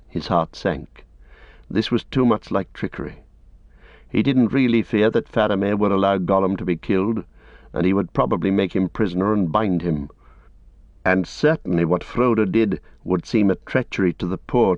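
A man narrating a fantasy novel aloud in a steady, measured voice. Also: fairly low pitch, no echo. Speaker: audiobook reader. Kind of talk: scripted narration. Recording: dull lo-fi dry recording.

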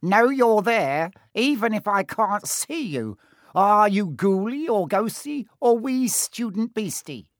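A man voicing a mischievous male poltergeist in an audiobook, with a high, wheedling, sing-song voice. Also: very animated, slow pace, no echo, clean studio sound, heavily acted. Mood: taunting. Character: cackling mischievous male poltergeist, sly and greasy. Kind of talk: audiobook character voice.

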